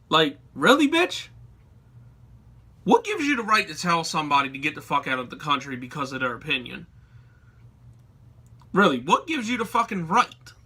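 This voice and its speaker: Brief: young adult man, hot-tempered profane vlog rant, tense sharp voice, sits a bit high. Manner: heated, swearing, slangy. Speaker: vlogger. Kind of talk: profane ranting commentary.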